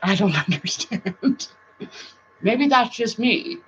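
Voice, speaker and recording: A middle-aged woman hosting a casual live-stream chat, rambling warmly, laughing often and now and then breaking into song. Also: medium pitch, big pitch swings, slow pace. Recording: dull lo-fi sound with faint noise.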